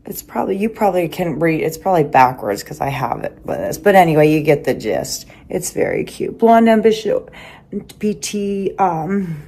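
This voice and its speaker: This fifties-aged personal trainer, who vlogs about bodybuilding, rambles upbeat to her phone camera with lots of asides. Her voice is on the low side, expressive and darkish in tone, at a normal speed, and the audio quality is poor.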